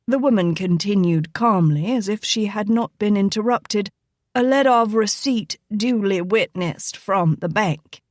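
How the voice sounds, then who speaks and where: A woman narrates a historical romance novel in a measured, even storytelling voice of middle pitch. The recording is dry and close, with no room sound. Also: no room sound. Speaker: audiobook narrator. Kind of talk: scripted narration.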